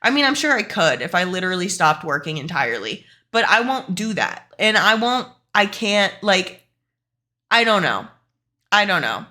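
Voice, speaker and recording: A young adult woman streamer ranting casually to her chat, profane and emphatic. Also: mid-range voice. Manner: profane, animated, fast and emphatic.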